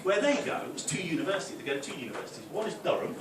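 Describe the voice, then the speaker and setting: A young man from the North East of England with a softened Geordie accent, doing a chatty stand-up routine. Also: on the high side, sing-song, racing. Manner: chatty, with tag questions; loud put-on voices for punchlines. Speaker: stand-up comic. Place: club function room. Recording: echoey room, distant, noisy.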